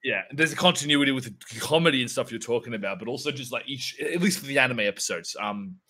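A man co-hosting a podcast in casual chat, excitable and rambling, swearing a lot as he talks. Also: medium pitch, quick pace. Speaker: podcast co-host.

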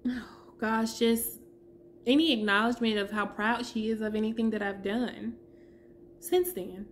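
A woman in her thirties giving a heartfelt personal testimony as a vlogger, pausing to search for her words. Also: on the high side, steady tone, slight background noise.

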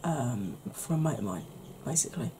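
A woman talking softly in a casual ASMR makeup video, drifting into whispers. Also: very deep voice, big pitch swings, normal speed, slight background noise. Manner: chatty, softly spoken with whispered stretches. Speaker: beauty YouTuber. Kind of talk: soft-spoken ASMR makeup chat.

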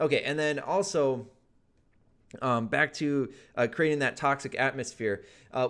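A man's voice: medium pitch, clear, resonant tone. A man talking casually and earnestly about a video game, rambling with lots of fillers. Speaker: gaming YouTuber. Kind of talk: casual advice monologue.

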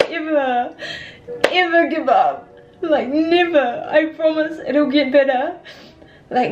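A young woman in her twenties vlogging casually, gushing and swearing with excitement, at times tearful. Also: high-pitched, highs cut off. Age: young adult. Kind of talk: casual vlog.

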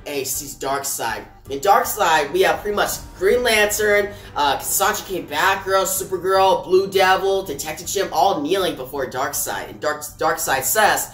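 A man's voice: on the high side, animated, normal speed, hardly any pauses, bright, forceful tone, faint music behind. A man reviewing comics in a casual, chatty way, often addressing his viewers. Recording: echoey room.

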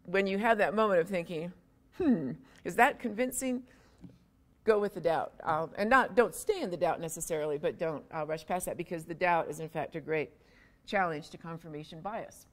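A woman's voice: on the low side, brisk. A woman giving a public university lecture in a conversational way, with wry, self-deprecating humor and frequent asides.

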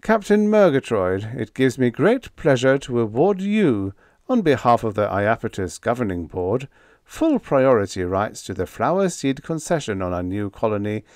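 A man voicing an honest, formal colonial governor who speaks smoothly and courteously in an audiobook. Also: medium pitch, big pitch swings, moderate pace, darkish tone, no echo, clean studio sound, close to an everyday voice.

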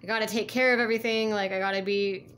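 A woman voicing a stubborn, controlling man with a country accent, fretful and hurried. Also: mid-range voice, steady tone, fairly bright tone, clean tone, lightly acted. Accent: American Southern country.

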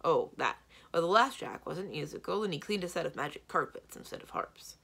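A woman voicing a grumbling, complaining male giant who calls out loudly. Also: on the low side, expressive, a little fast, gravelly, slightly rough, exaggerated voice.

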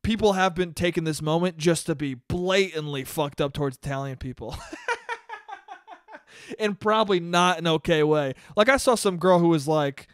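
A man hosts a casual solo podcast, ranting animatedly with lots of laughter and casual swearing. His voice is on the high side and a little slow, smooth, with a dry, echo-free studio sound.

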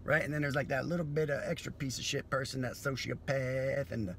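A man's voice: mid-range voice, fairly even intonation, a little fast, gravelly, few pauses, a little hiss or hum. A man comedian delivering a profane, philosophical monologue.

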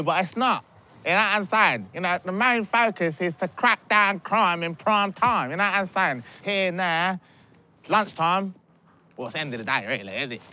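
An actor playing a swaggering, self-important parking enforcer, chatty and mocking. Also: male voice, fairly high pitch, sharp tone. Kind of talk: mockumentary comedy acting.

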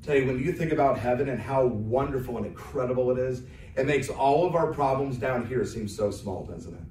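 Emphatic preacher heard from afar in church. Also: male voice, medium pitch, a little mellow, slight background noise. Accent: American. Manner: preaching with emphatic rises, pausing on fillers. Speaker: evangelist preacher. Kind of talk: sermon with prayer. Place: church sanctuary. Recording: distant roomy church sound.

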